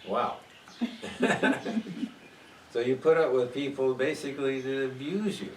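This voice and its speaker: A man's voice: medium pitch, expressive, takes it slowly. Man, Bible study teacher, conversational, questions the group, noisy recording. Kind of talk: leading a church Bible study. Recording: echoey room, mic far off, noisy.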